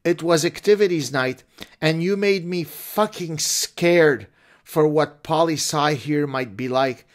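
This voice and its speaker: A man voicing an overwrought young female student, indignant and melodramatic, in a shrill mocking exaggeration. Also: takes it slowly.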